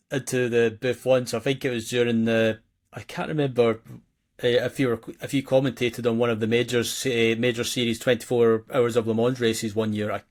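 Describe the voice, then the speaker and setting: A man who hosts a podcast, speaking with a thick accent in a halting, hesitant way full of restarts. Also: medium pitch. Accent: thick regional accent. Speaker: podcast host. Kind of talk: casual podcast chat.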